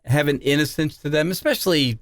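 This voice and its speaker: A middle-aged man co-hosting a podcast, chatting casually and telling animated, jokey stories. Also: a little high, brisk, no echo. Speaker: podcast co-host. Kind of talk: casual chat.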